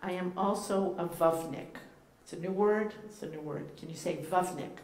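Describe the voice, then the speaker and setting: This Boston-accented woman, visiting as a guest rabbi, delivers a casual sermon to the congregation in a church sanctuary at a normal speed and a fairly low pitch. Her manner is playful and teacherly, peppered with ums and uhs. Crowd noise, faint background sound, and room echo are all audible.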